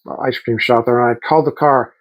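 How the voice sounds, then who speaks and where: A man's voice: mid-range voice, steady tone, quick pace, lo-fi sound. Chatty middle-aged man vlogging. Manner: rambling, enthusiastic, quotes people in voices. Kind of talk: casual vlog storytelling.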